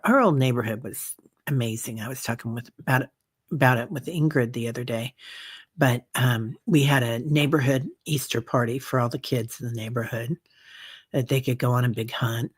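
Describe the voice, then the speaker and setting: Woman host, gentle chatty comment-reader, slightly husky, dry close sound. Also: rumbling low, dry recording. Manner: gentle, soothing, many fillers and soft asides. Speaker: meditation group host. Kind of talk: casual livestream chat reading viewer comments.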